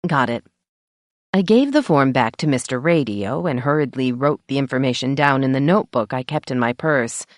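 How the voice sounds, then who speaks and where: A woman's voice: a bass voice, animated, moderate pace, no echo. A woman narrating an audiobook in first person, with a wry storytelling manner, on a close mic. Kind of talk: scripted narration.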